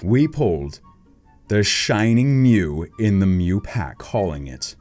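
Man, lower register, very lively delivery; hyped YouTuber unboxing cards with excited callouts and faint music behind. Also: slow. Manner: excitable, calls out each card, big gasps at rare pulls. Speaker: card-opening YouTuber.

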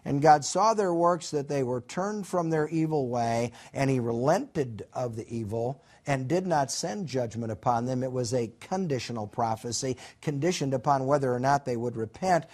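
A middle-aged male professor giving a college Bible lecture, telling the story with animation and acting out characters' lines. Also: medium pitch.

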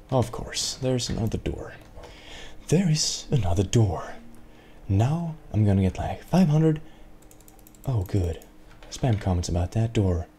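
Low, mellow-voiced man, a let's player muttering sarcastic, profane commentary at his desk mic. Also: creaky, slight background noise. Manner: sarcastic, rambling talk to himself with frequent swearing. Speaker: let's play gamer. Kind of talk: gameplay commentary.

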